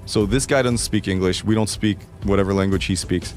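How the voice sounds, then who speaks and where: Man, forties, low voice, casual storytelling, profane, easy laughter, faint music. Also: fairly even intonation, brisk, darkish tone. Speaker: guest storyteller in a played clip. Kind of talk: casual anecdote.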